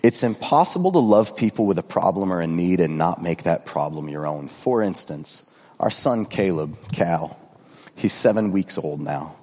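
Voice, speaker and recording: A man in his thirties preaching a conversational sermon as a pastor, earnest, swinging between hushed and excited. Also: low voice, normal speed, in a large hall.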